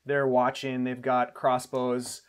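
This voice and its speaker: A man's voice: mid-range voice, monotone, smooth. Man narrating a tabletop game as game master. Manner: descriptive, unhurried scene-setting with small restarts.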